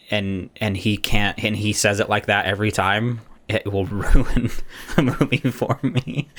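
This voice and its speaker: Male podcast co-host, low voice, rambling casual chat with frequent laughs. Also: pushed and bright. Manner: rambling, laughs often, many restarts.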